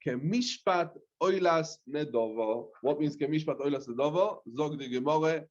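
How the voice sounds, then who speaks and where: A rabbi teaching a Talmud class, reading the text in a singsong chant and explaining it in plain, hesitant speech. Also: male voice, on the high side, moderate pace, lo-fi sound. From London. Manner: hesitant, with many "uh" fillers.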